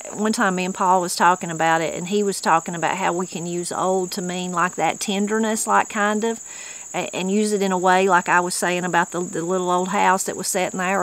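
Heard on a rough recording, a woman with a mid-range voice and vocal fry explains regional words in her Appalachian accent. She hails from western North Carolina and hosts in a folksy, conversational, casual way, occasionally reading dictionary entries aloud.

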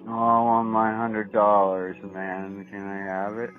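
Prank caller, male, mid-pitched, mocking and foul-mouthed, tinny phone sound. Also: completely flat delivery, a little slow. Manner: mocking, profane, taunting. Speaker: prank caller baiting scammers. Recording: tinny phone line, faint music.

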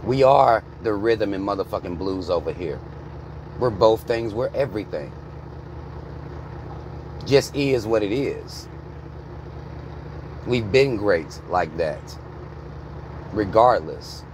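Sitting in a car, an American vlogger in his thirties rants angrily and bluntly, with heavy profanity. His lowish voice is animated but slow, broken by long pauses, against a noisy background.

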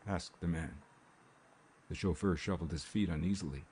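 A man narrating an audiobook in a steady, unhurried storytelling manner. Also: sits low, slightly rough. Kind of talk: scripted narration. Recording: faint rain ambience behind.

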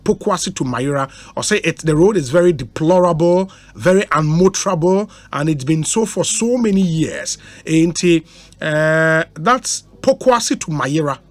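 Ghanaian radio host, higher voice, dry studio. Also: male voice, normal speed, dry recording. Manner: reads out listener messages, animated and laughing. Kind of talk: radio talk show in Twi and English. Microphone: studio microphone.

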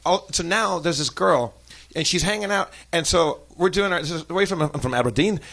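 An American man telling a long comic story on a podcast, animated and profane, often laughing as he talks. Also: sits high, moderate pace. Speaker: podcast guest. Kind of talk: comedic storytelling.

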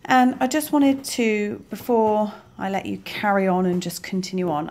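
A woman's voice: mid-range voice, darkish tone. A woman hosting a crochet tutorial, talking casually as she counts stitches aloud and keeps asking if it makes sense. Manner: chatty, counts stitches aloud, checks understanding. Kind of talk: casual instructional talk.

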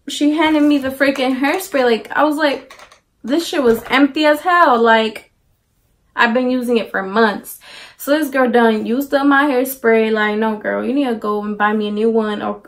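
A young woman telling a storytime to her viewers, casual and slangy, with animated asides. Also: fairly high pitch. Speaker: vlogger. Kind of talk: storytime vlog.

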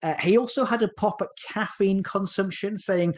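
Jokey man. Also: high-pitched. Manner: jokey, sarcastic, breaks into quick silly voices. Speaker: podcast co-host. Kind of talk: casual comedic podcast chat.

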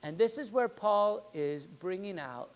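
A man preaching a sermon as pastor, in a conversational way with rhetorical questions, moving between loud emphasis and quiet asides. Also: high-pitched, animated, a little slow.

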